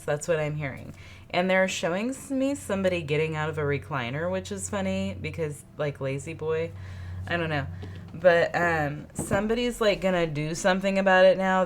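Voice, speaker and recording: A woman doing an intuitive tarot reading, musing aloud, repeating her phrases and asking spirit questions as she pulls cards. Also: deep voice. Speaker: tarot reader. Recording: card shuffling clicks in background.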